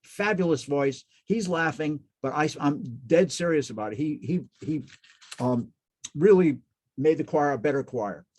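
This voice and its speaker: Cantor guy giving a casual lecture, kinda high voice, keeps restarting himself, really into it. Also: animated, measured pace, a little mellow. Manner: restarts and corrects himself often, enthusiastic. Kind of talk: informal lecture. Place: synagogue hall.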